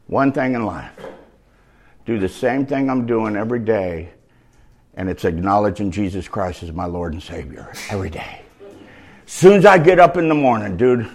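Animated slangy man preaching. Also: medium pitch. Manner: animated, swinging from shouts to near-whispers; slangy, street-talk phrasing. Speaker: preacher giving testimony. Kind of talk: sermon.

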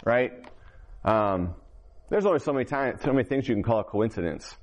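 A middle-aged man from Indiana tells his story in an open, plainspoken way, often restarting his sentences. His voice sits in an ordinary middle pitch. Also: lively intonation, fairly quick. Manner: candid, rambling, with many restarts. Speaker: recovering addict telling his story. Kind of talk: personal testimony.

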